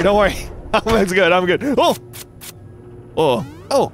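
A young man streaming a game and chatting to viewers, excitable and giggly, breaking into squeals and shouts. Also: high-pitched, slow pace, pauses often, faint music behind. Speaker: gaming YouTuber. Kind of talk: live gameplay commentary.

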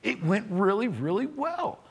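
Animated man telling a story, lively voice. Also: sits high, unhurried, husky. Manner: animated, acts out quoted voices. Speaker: roofing contractor and trainer. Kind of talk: casual storytelling to camera.

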